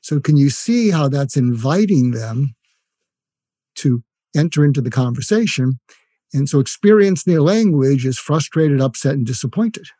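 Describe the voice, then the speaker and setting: A man's voice: mid-range voice, expressive, normal speed, mellow, dry recording, clean studio sound. An older retired man giving communication tips in an interview, explaining with examples and acted-out phrases. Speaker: guest, communication expert. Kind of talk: instructive interview talk.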